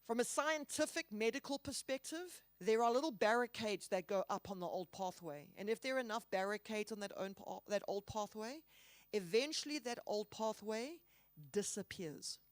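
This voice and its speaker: A woman speaking at a Christian conference, earnest and emphatic, slowing down on key words with the odd playful aside. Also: medium pitch, no room sound, clean studio sound. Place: hall.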